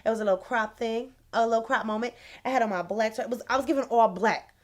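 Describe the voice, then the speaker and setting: A young adult woman, telling a casual, animated, slangy storytime on her vlog. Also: on the high side, fast talker. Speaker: vlogger.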